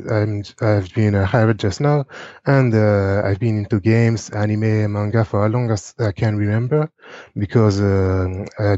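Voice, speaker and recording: A man's voice: on the low side, warm tone, dry recording, lo-fi sound. A man from France with a French accent, co-hosting a casual podcast and talking hesitantly with lots of fillers. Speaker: podcast co-host.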